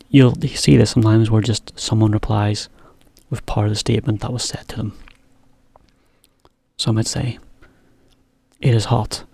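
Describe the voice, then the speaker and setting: A man giving a relaxed English lesson to Japanese learners, explaining with simple examples. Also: on the low side, creaky, no echo. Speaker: English teacher.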